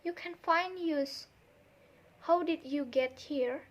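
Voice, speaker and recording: A woman's voice: sits high, slow pace, pitched above the performer's own voice. A young woman voicing parents who tenderly greet their long-lost child.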